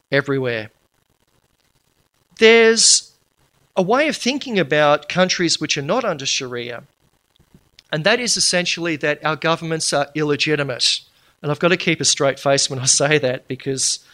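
A man addresses a live audience in a lecture. His voice sits a little high and rings bright and forceful. He drives his points home emphatically and slips in dry, humorous asides. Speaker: public speaker.

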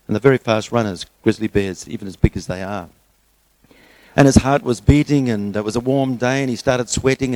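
A middle-aged preacher with a low-pitched voice eases into a sermon through a relaxed, rambling anecdote. His delivery is earnest, and the sound is dry and close to the mic. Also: no echo, poor audio. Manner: relaxed storyteller, earnest when teaching. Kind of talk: sermon with a storytelling joke.

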